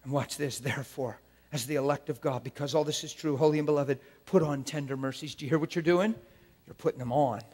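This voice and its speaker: A man preaches with a husky, somewhat high voice. He models prayer aloud, dropping to near whispers and then rising into loud, fervent declarations. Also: fairly even intonation, fast talker.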